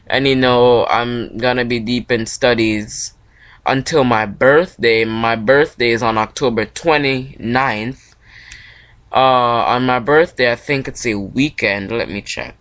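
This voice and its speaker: Young man from Jamaica, mid-pitched, hosting a solo podcast; casual, rambling, often self-correcting. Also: a bit bright. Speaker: independent musician hosting his own podcast.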